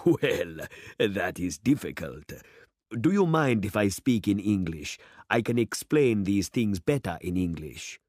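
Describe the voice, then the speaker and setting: A man's voice: lowish voice, very animated, a little slow, a little mellow, no room sound. A man voicing a worldly, boastful middle-aged city man who speechifies with rising fervor, in a dry, close storybook reading. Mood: jovial. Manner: expansive, speechifying, rising to oratory.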